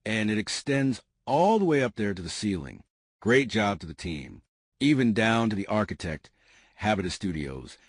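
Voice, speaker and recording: A low-voiced man leads an eager walkthrough of a big house and speaks to his viewers as family. His pitch rises and falls a lot as he points things out. The sound is close and dry. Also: big pitch swings, normal speed, dry recording. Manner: enthusiastic, addresses viewers as family. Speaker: home tour host. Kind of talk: enthusiastic real estate walkthrough. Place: inside a large house.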